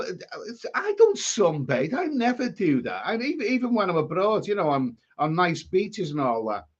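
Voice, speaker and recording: A man's voice: a little high, muffled recording. A man with a Scouse accent hosting a live stream, chatting casually and rambling through viewer comments with many restarts. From England.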